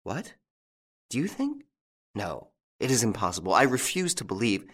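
A man's voice: medium pitch, very animated, moderate pace, a bit bright, husky, pitched above the performer's own voice. A man reading an audiobook, voicing an anxious, frightened young French woman from a country estate in a raised voice. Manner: anxious, breathless and pleading.

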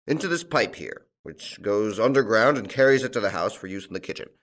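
A man voicing a stubborn old farmer who talks loudly and insistently. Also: on the low side, lively intonation, fairly quick. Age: older. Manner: loud, blustering and insistent. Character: gruff, stubborn old male farmer, blustering.

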